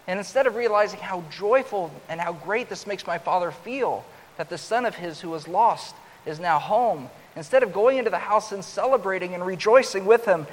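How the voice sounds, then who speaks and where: A man preaching a sermon, growing louder and higher as he acts out the older son's complaint. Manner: rises loud and high when acting out the older son's complaint. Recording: long hall reverb with faint hiss.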